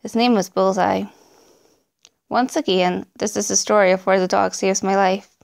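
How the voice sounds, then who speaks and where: A woman's voice: mid-range voice, fairly even intonation, normal speed, gravelly, darkish tone, smooth. A woman reading true creepy stories aloud in a dramatic storytelling manner. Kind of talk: scripted narration.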